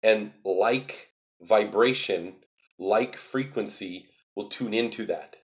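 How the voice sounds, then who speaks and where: Livestream host, male, lowish voice, earnest and emphatic, repeats his points. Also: slow. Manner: earnest, repetitive, emphatic explaining. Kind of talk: casual livestream talk answering viewer chat.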